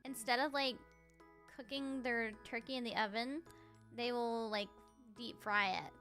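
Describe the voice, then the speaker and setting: A woman's voice: on the high side, fairly even intonation, a little slow, fairly bright tone. A young woman from the Southern United States with a Southern American accent, chatting in an easygoing way with many fillers. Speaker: guest friend. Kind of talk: casual chat. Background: faint music.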